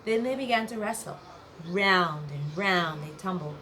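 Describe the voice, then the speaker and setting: A woman teacher reading a folk tale aloud, lively, with playful sound words. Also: lowish voice, measured pace. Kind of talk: storybook read-aloud.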